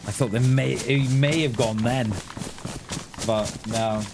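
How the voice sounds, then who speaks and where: A man's voice: mid-range voice, steady tone, takes it slowly, vocal fry, background noise. A man chatting casually while live-streaming a survival game, thinking aloud with lots of restarts and little chuckles.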